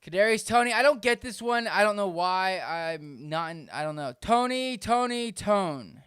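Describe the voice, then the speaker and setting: A man with a fairly high, smooth and resonant voice chats casually on a sports podcast. He reads things out with animated energy and laughs often. The sound is dry and close, with no room around it. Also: normal speed, no echo. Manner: animated, laughs often while reading names. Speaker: podcast co-host. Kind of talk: casual chat.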